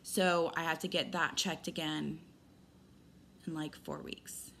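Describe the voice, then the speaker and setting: A woman's voice: sits low, slow pace, vocal fry, slight background noise. Candid rambling woman vlogger. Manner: rambling, candid, animated retelling with quoted dialogue. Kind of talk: casual personal update.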